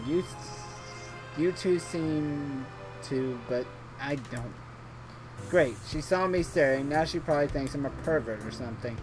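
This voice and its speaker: A man hosting a gaming video, reading a visual novel aloud in a playful, jokey way and laughing often. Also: mid-range voice. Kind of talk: playful read-along of game text.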